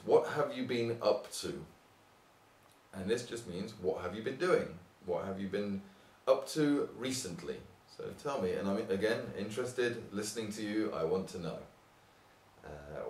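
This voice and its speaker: Lively English teacher, roomy distant sound. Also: male voice. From England. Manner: lively, acts out example phrases with big pitch jumps. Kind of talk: informal online English lesson.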